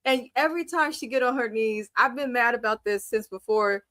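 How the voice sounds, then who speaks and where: A woman's voice: fairly high pitch, a little fast, bright, forceful tone, dry recording. A woman in her thirties from Kenya, hosting a live TV recap with blunt, profane, laughing storytelling. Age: 30s. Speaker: show recap host.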